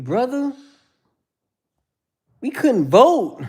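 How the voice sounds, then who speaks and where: Guy on his livestream going off at chat, lively swingy voice, says bro every line. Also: fairly high pitch, unhurried. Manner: heated, preachy, says "bro" constantly; addresses chatters by name. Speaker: livestream host. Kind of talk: casual livestream chat answering viewers.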